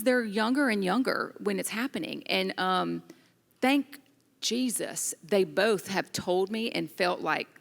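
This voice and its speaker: A woman's voice: medium pitch, takes it slowly, gravelly, long reverb tail. A middle-aged mother telling her family's story candidly and with feeling, laughing at times. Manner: emotional, animated storytelling with laughter. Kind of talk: candid testimony in a group discussion.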